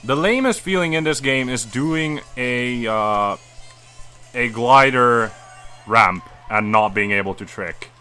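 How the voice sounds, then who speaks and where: A man's voice: medium pitch, takes it slowly, sharp tone, clear, resonant tone, soft background music. A young man co-hosting a let's play, making dry, laid-back comments. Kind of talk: casual group gaming chat.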